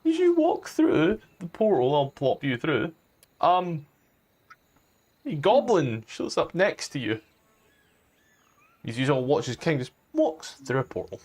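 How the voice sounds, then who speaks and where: A man's voice: fairly high pitch, huge pitch swings, measured pace, pauses often, a little mellow. A Scottish man narrating as dungeon master, casual and given to swearing. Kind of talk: narrating a tabletop game.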